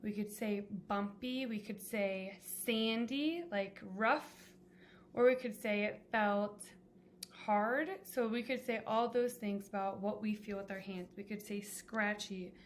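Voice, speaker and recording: A woman's voice: medium pitch, fairly even intonation, takes it slowly, a little hiss or hum. A woman teacher giving a classroom lesson, explaining patiently and step by step with examples.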